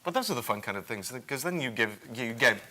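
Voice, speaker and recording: A man leads a live cast panel, reading viewer questions and chiming in. His voice is bright and forward, and his manner stays upbeat and casual. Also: mid-range voice, animated, fast. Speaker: panel moderator and actor.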